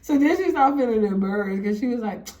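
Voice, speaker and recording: A young woman telling a story to her viewers in a casual, animated way, laughing often and filling her talk with "like". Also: a little high, brisk. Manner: animated, laughing, heavy "like" fillers. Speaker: storytime vlogger.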